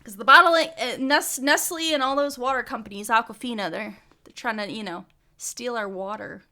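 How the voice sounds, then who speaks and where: A woman's voice: on the high side, moderate pace, bright, forceful tone. A young woman co-hosting a casual research podcast, chatty with laughing asides and many fillers. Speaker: podcast co-host.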